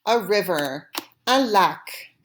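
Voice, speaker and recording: A woman teaching French vocabulary, saying each word clearly and repeating it for students to copy. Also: mid-range voice, lively intonation, a bit bright, a little hiss or hum. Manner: slow, deliberate, repeating words for students. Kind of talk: language lesson drills.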